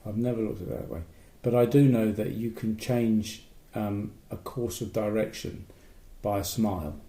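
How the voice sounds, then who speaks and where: A man's voice: fairly low pitch, steady tone, moderate pace, dark tone. A man co-hosting a podcast, musing and rambling in casual chat, recorded in a roomy space. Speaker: podcast co-host.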